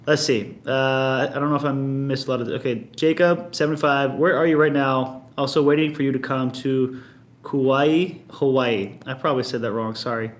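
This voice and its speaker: A man's voice: medium pitch, steady tone, moderate pace. A man in his early thirties, a band member hosting a casual live-stream Q&A from his apartment, rambling easily and reading out viewer comments. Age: early 30s. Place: at home in an apartment.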